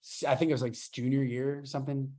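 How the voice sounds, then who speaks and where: A man's voice: medium pitch, little pitch movement, fast talker, mellow. Enthusiastic young man hosting a podcast. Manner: enthusiastic, rambling with restarts. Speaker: podcast host. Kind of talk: casual podcast chat.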